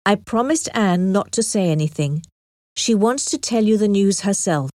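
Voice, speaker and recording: A woman reading aloud voices a nervous, serious gentleman who speaks in a hushed, guarded way. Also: medium pitch, lively intonation, moderate pace, dry recording, clean studio sound, lightly acted.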